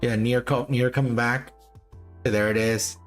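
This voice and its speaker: A man's voice: mid-range voice, fairly even intonation, a little slow, faint music behind. A man hosting a livestream, chatting casually and repetitively with frequent chuckles. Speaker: livestream host.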